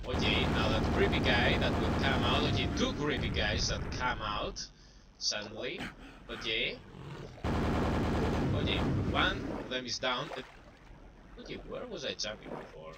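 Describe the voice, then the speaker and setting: A man's voice: mid-range voice, big pitch swings, a little slow, pauses often. A young man casually commenting on his gameplay, rambling, putting himself down and taunting enemies. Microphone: cheap desktop microphone. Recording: distant mic with clear background noise.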